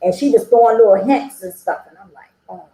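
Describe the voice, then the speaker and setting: A woman's voice: fairly high pitch, brisk, warm tone, roomy sound, slight background noise, rough recording. A woman sharing her personal recovery story at a meeting, chatty and conversational, acting out the dialogue she quotes and often checking in with "okay?" and "you know?".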